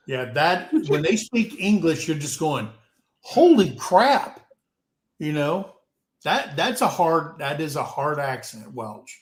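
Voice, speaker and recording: American guy hosting a live stream chat, slowish, kinda high voice, roomy echo, lots of ums. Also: fairly bright tone. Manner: rambling, unhurried, many ums and restarts. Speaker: show host.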